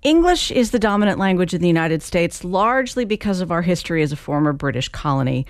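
A woman from Long Island hosting an interview and asking measured, curious questions. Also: lowish voice, very animated, no room sound, studio quality.

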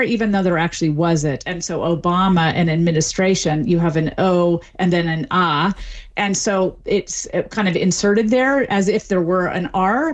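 Articulate woman explaining speech and dialects. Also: lowish voice. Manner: articulate, lively, explains with examples. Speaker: dialect expert guest. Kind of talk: explanatory interview answers.

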